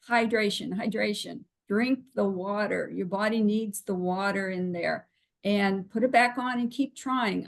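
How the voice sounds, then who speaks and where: A woman's voice: medium pitch, vocal fry. A woman hosting a webinar on a video call, conversational and encouraging as she calls on participants. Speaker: webinar host.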